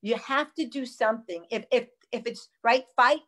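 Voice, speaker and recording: A woman hosting a casual live conversation, telling stories in an animated, emphatic way. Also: a little high, moderate pace. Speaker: host.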